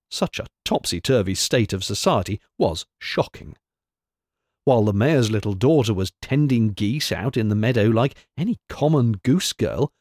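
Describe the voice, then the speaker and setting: A man reading a storybook aloud in an expressive, animated way. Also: mid-range voice, no room sound, clean studio sound. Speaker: narrator.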